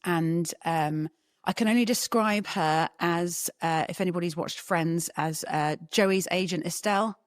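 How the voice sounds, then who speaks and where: Animated woman telling stories. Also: on the low side, a little slow, dry recording, clean studio sound. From England. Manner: animated storyteller, laughs often. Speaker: interview guest. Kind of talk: casual interview chat.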